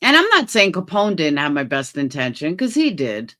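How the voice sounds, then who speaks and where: Reading viewer comments aloud on a casual livestream, a woman answers bluntly and with swearing. Her delivery is sing-song, leaping quickly between low mutters and loud outbursts.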